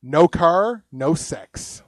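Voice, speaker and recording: A man's voice: a little high, lively intonation, extremely slow, no room sound. A man hosting a casual podcast, rambling, swearing constantly and laughing at his own jokes. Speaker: podcast host. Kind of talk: casual profane podcast chat.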